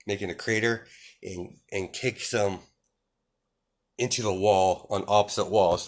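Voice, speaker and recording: A man's voice: low voice, fairly even intonation, unhurried. A man narrating an improvised fan story, rambling with many fillers and self-corrections.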